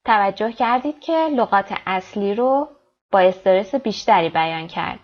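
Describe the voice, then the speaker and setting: Woman, English teacher, slow careful reading, quick explanations, dull lo-fi recording. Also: mid-range voice, animated. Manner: reads English lines slowly, explains quickly. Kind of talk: textbook lesson explained in Persian.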